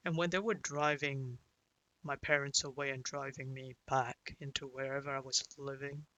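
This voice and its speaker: A young man recounting a painful personal story, speaking hesitantly with many restarts and pauses. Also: mid-range voice, level tone, bright, forceful tone, lo-fi sound. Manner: hesitant, full of restarts and "you know"; sighs and breaks down into whispers at emotional moments. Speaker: vlogger.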